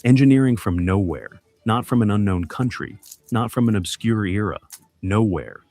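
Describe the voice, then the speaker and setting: A man with a somewhat low voice narrates a scripted mystery. His delivery is measured and suspenseful. He builds tension through short, clipped phrases and deliberate pauses. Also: lively intonation, darkish tone, soft background music.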